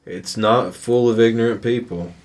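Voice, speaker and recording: A Kentucky man with a broad Appalachian accent, chatting casually as a podcast co-host. His pitch sits squarely in the middle, and he speaks bluntly and earnestly, drawing his phrases out. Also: normal speed, darkish tone. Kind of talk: casual chat.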